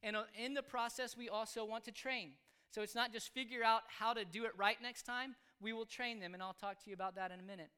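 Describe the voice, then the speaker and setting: A man explaining how he raises his children, speaking earnestly in halting phrases. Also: high voice, steady tone, sharp tone, clean tone. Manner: earnest, halting, with frequent restarts. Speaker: father explaining his parenting. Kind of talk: casual spoken explanation.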